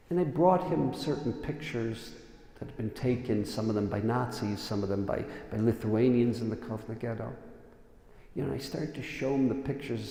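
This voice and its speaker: A man, a rabbi, giving a sermon as animated storytelling that swings from loud emphasis to hushed tones. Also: fairly low pitch, vocal fry. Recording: echoey hall.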